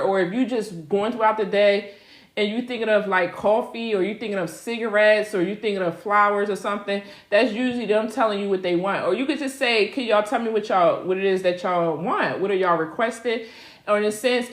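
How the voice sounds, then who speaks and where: A woman's voice: mid-range voice, reverberant. A middle-aged woman hosting a casual live Q&A as a spiritual reader, chatty and laughing as she talks straight to her viewers.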